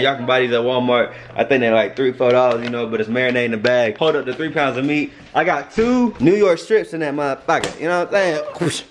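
A man's voice: fairly high pitch, fairly bright tone, slight background noise. A young man hosting a casual couple vlog while grilling outdoors, teasing and laughing a lot, with slangy talk. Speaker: vlog host.

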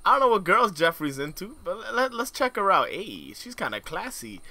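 Young male gamer, joking and slangy commentary; lively, bright delivery. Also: fairly high pitch, normal speed, hardly any pauses. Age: young adult. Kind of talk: let's play commentary.

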